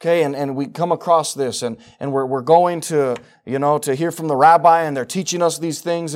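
A man preaching a sermon, moving between quiet, intimate asides and loud, emphatic passages as he reads scripture. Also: a little high, fairly even intonation, fairly quick, few pauses.

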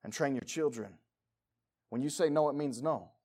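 A man preaching a sermon as pastor, emphatic, swinging between loud urging and quiet pleading. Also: medium pitch, normal speed, breathy edge.

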